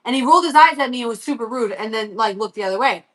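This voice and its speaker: Casting: foul-mouthed woman in her thirties, bright, slightly high voice, venting to a live stream. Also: lively intonation, rapid-fire. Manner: heavy swearing, blunt, worked-up. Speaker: livestream host. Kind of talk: casual storytelling rant.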